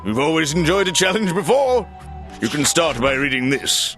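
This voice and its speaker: A serious, insistent detective from a video game, lecturing his partner in a firm, gravelly voice. His pitch moves lively as he presses his point, and game music sits clearly beneath him. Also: normal speed.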